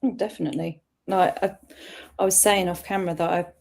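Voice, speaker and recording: A woman's voice: fairly low pitch, steady tone, fast, vocal fry, a little mellow. A woman estate agent explaining agreeably in a casual chat on a video call.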